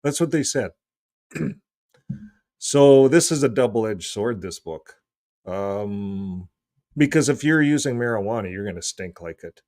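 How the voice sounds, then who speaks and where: Lowish, slightly hoarse man chatting casually. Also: mellow, dry recording. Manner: rambling, joking, often clears throat. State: voice getting hoarse. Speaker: video host. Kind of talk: casual commentary reading from a book.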